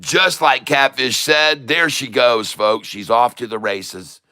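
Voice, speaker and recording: A man giving excited live commentary on a stock chart, full of folksy slang and exclamations. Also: mid-range voice, slow. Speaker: day-trading streamer.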